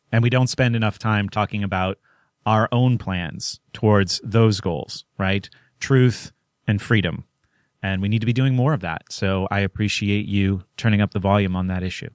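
A man's voice: fairly low pitch, normal speed, dry recording, studio quality. A man hosting a podcast and chatting in a casual, playful way. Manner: playful, breaks into mock regional voices. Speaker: podcast host.

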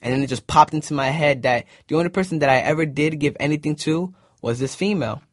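A man's voice: on the high side, fast talker, no echo, studio quality. A young man recounting a personal story in a casual way, acting out what people said. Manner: casual, retells events by acting out quoted dialogue. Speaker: interviewee.

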